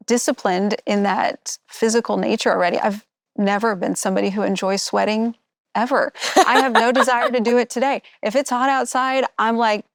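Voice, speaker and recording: A woman's voice: fairly high pitch, normal speed, no echo. A middle-aged woman telling stories in a candid interview, acting out the quotes as she goes. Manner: animated storytelling, acts out quotes. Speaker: former contestant.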